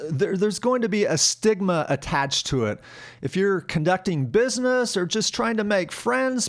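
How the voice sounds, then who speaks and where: A man with a fairly high voice gives a casual pronunciation lesson. He talks frankly and repeats example words slowly so each sound can be heard. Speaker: English pronunciation teacher. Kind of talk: casual instructional monologue.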